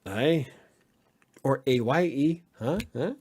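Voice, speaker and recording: A man's voice: medium pitch, slow pace, a little mellow, breathy edge. A man hosting a casual live-stream podcast, joking around and laughing often as he answers the chat. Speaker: podcast host; editor.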